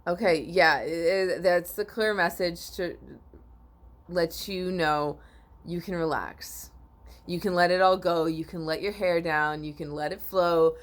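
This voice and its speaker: A woman giving a spiritual oracle card reading to viewers, sleepy and yawning, rambling with repeats and restarts and often clearing her throat. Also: fairly low pitch, fairly even intonation, measured pace.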